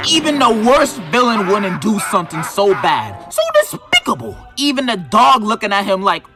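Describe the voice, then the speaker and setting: A man's voice: high-pitched, lively intonation, moderate pace, over loud music. A man, giving comedic scripted commentary in a sarcastic, mock-outraged, exaggerated way. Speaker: video narrator reviewing a book.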